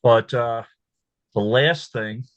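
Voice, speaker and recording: A man hosting his own show, talking casually, repeating words and growing animated when he tells what he said. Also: medium pitch, takes it slowly, dry recording, dull audio. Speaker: host. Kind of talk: casual commentary.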